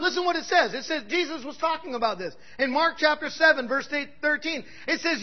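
A man preaching a sermon in a bold, conversational way, dropping in "right?" asides and swinging from loud exclamations to quiet remarks. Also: very high-pitched, animated, brisk, few pauses, muffled recording. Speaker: pastor.

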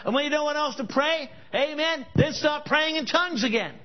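High-voiced man preaching a sermon. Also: brisk. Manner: storytelling, emphatic rhetorical questions. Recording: dull lo-fi recording.

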